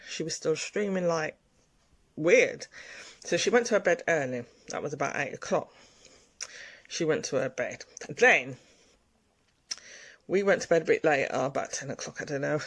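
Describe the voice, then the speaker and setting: Woman, gravelly voice, low for her, animated casual storytelling. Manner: animated, repeats words for emphasis.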